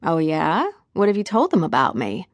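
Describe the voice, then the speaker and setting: Woman narrator doing the young female lead: hesitant, wry, low-pitched, dry close sound. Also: huge pitch swings, normal speed, no echo, heavily acted. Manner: hesitant, self-mocking.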